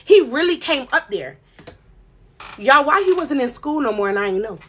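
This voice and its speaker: Animated young woman telling a story. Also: sits high, moderate pace, breathy edge. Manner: animated, dramatic retelling, reads chat aloud. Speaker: live-stream host. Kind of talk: casual storytelling on a live stream.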